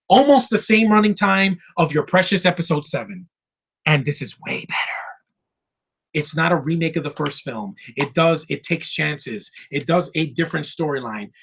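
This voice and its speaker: A man reviews films in an excited, ranting monologue. His voice is husky and sits a little high, and he swears freely and acts out bits of dialogue. He swings between loud outbursts and quieter grumbling. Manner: excited, animated, swears, acts out film lines. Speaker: film reviewer.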